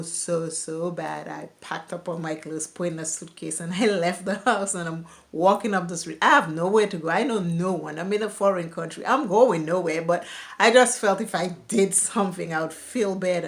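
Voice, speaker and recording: A young woman speaks to her camera in a candid, confessional vlog, telling her own life story. Her voice sits somewhat low for a woman. She laughs now and then even as she recalls painful memories. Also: creaky. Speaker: vlogger. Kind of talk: personal storytelling.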